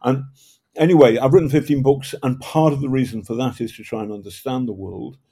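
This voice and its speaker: A man's voice: mid-range voice, fairly even intonation, brisk, vocal fry, mellow, breathy edge. A man with a northern English accent, a journalist and author telling stories in an interview, often restarting his sentences. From Northern England. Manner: rambling, self-interrupting storyteller with projected voice. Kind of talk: conversational storytelling interview.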